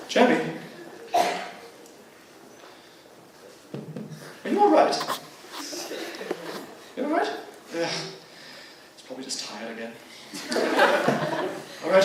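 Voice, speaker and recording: A young man putting on a blustering explorer. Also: on the high side. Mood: chuckling. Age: teens. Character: pompous, bumbling British explorer man. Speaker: emcee. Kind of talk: comedy skit on stage. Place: school auditorium stage. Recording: echoey auditorium from far off, noisy.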